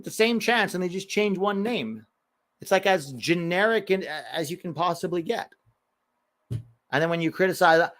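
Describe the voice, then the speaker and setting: Casual American male host, a touch high-pitched, sarcastic and chatty, live watch-along commentary. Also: a bit bright. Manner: chatty, sarcastic, riffs between live match reactions.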